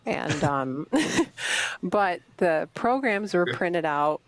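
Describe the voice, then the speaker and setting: A young adult woman co-hosting a podcast in casual chat, chatty and quick to laugh, with many fillers. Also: on the low side, animated, a bit bright, slight background noise. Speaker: podcast co-host.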